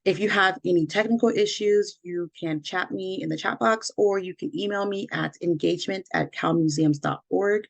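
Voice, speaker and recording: A woman hosting an online workshop as community engagement manager, opening it and covering housekeeping with careful, slightly halting delivery. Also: lowish voice, gravelly. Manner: careful, slightly halting reading with small self-corrections. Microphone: video call.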